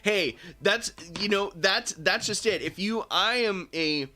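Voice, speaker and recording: A man chatting on a livestream from a home studio, laughing often and talking excitably with many restarts. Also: sits high, slow pace. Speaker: guest co-host. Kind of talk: casual livestream chat. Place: home studio in a bedroom corner.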